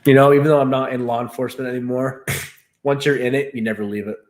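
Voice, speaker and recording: A man's voice: medium pitch, fairly even intonation, fast. Guy rambling on a live stream, laughs a lot, easygoing chat. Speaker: streamer and host. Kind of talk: casual livestream chat. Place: new home in Texas.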